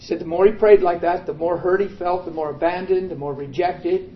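A man's voice: high-pitched, steady tone, brisk, dull audio, a little hiss or hum. Dramatic storytelling preacher man. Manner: dramatic storytelling that swings from hushed to emphatic. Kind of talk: storytelling sermon.

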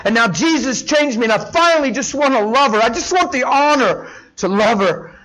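A middle-aged man preaching a sermon as pastor, impassioned, dropping to a hush and rising to shouts. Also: very high voice, animated, moderate pace, low-quality recording. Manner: impassioned, swings from hushed to shouting.

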